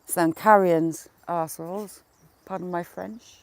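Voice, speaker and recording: Unhurried and steady, this mid-range voice has vocal fry and a dry recording. A smallholder is chatting casually on a live stream while doing chores in a yard by a field, talking to the animals and viewers with mild swearing amid birds and chickens.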